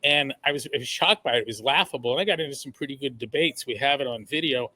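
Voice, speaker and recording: Blunt, bright-voiced man. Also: medium pitch, quick pace. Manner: blunt, profane and emphatic. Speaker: podcast guest. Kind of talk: conversational interview.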